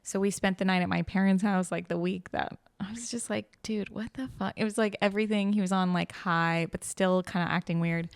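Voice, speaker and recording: A woman's voice: on the low side, fairly even intonation, fairly quick, creaky, hardly any pauses, clear, resonant tone, no echo, studio quality. A woman co-hosting a podcast, casually telling a personal story, peppering it with "like" and acting out what people said. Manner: chatty, heavy use of "like", acts out quoted dialogue. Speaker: guest co-host.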